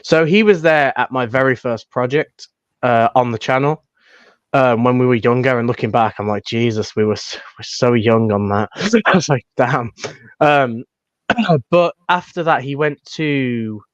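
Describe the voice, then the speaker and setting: A man's voice: mid-range voice, a little slow, clean tone, dry recording, dull audio. A young British man, a fan filmmaker, chatting casually and rambling with many restarts. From United Kingdom. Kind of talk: casual chat.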